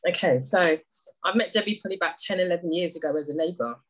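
A woman speaking on a video call, giving an emotional, halting thank-you to a friend and neighbour, often apologising and restarting. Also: on the low side, highs cut off.

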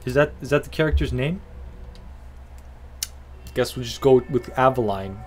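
A man's voice: mid-range voice, normal speed, faint music behind. A man doing casual, foul-mouthed let's-play commentary, joking and talking to himself and the game. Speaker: gaming video host.

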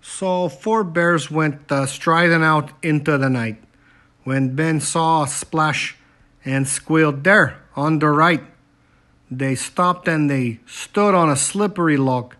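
A man reading a children's picture book aloud, halting often with small fillers. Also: on the high side, fairly bright tone. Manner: slow and halting, frequent "uh" fillers. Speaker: storybook reader.

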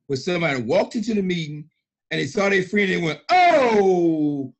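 A middle-aged man on a conference call, emphatic and animated, often repeating himself. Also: sits high, normal speed. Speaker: senior partner and mentor. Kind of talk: excited conference-call praise.

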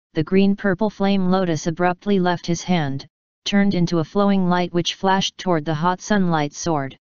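A woman with a low, exceptionally smooth and clear voice reads a fantasy novel with steady, even pacing. The sound is dry with no room echo, on a somewhat dull, lo-fi recording. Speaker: audiobook narrator. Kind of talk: scripted fantasy novel narration.

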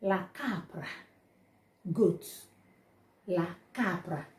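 A woman with a Nigerian Pidgin accent teaching vocabulary informally, repeating each word slowly and then chatting in Pidgin asides. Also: on the low side, a little mellow, reverberant. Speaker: language teacher.

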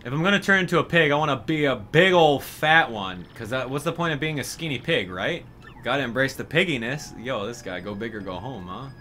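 A man commenting on a video game as he plays, full of sarcastic jokes and asides. His voice is bright and very animated, with big swings in pitch. He sounds casual and amused. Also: a little fast, slight background noise. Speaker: gaming commentator. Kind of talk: let's play commentary.

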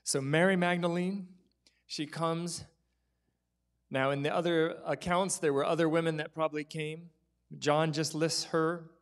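A man's voice: on the high side, steady tone, measured pace. A man preaching a sermon as pastor in a church, telling stories and dropping to whispers for effect. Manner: storytelling, acts out quoted voices, drops to whispers.

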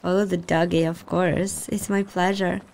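A woman giving casual let's-play commentary, excitable and cheering on or scolding her character. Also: fairly low pitch, moderate pace. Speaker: gaming channel host.

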